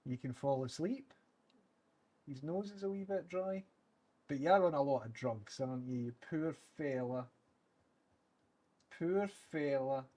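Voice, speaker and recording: A man's voice: medium pitch, measured pace, long pauses, warm tone. Man cooing over his dog. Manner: doting, cooing baby talk to his dog. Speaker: streamer. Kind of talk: casual live stream chat.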